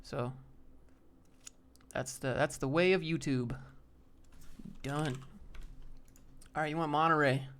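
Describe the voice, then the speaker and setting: A man's voice: a little high, fairly even intonation, slow pace, pauses often, fairly bright tone, slight background noise. A young man hosting a casual live stream, thinking aloud as he browses job listings and answers viewers.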